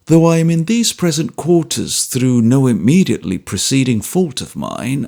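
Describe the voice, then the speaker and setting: A man's voice: medium pitch, vocal fry, darkish tone. A man reading an audiobook and voicing a bluff, good-humoured former soldier who speaks steadily, politely and stubbornly.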